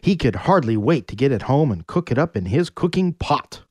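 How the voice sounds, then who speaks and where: A man narrating a myth in a playful, very animated storytelling manner. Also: mid-range voice, moderate pace, slightly rough, dry recording.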